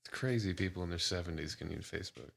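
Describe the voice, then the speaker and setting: A man's voice: sits low, fast talker, gravelly, fairly bright tone. A man in casual chat, chiming in with short laid-back remarks. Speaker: podcast co-host.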